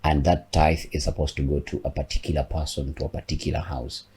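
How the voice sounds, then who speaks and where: A man's voice: rumbling low, little pitch movement, fairly quick, darkish tone, husky. A man, reflecting aloud in a casual podcast chat and often repeating words as he thinks. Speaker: podcast co-host.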